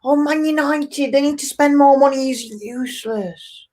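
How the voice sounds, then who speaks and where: A woman's voice: sits high, moderate pace, warm tone, voice pushed up, close to an everyday voice. A woman imitating a despairing male football fan pundit who wails and repeats his complaints.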